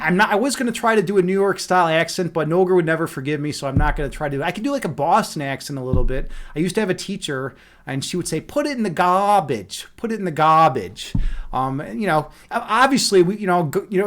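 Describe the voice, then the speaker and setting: A young man with a fairly high voice hosts a livestream, talking off the cuff to his chat. He rambles and circles back, stacking filler words and restarting sentences as he goes. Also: animated, fast talker. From Chicago, USA. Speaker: livestream host. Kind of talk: casual chat reading a live chat.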